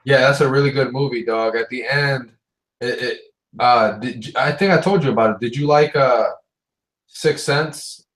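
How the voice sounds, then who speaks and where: A man's voice: medium pitch, normal speed, fairly bright tone. A man co-hosting a podcast in casual chat, laid-back and full of slang and swearing. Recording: roomy, echoey recording.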